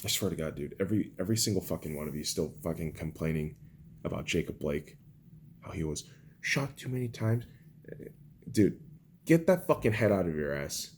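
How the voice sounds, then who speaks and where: Profane ranting young man, very lively. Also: deep voice, normal speed, a little hiss or hum. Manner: profane, angry ranting with swings from shouting to muttering. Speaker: podcast host. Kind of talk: political rant.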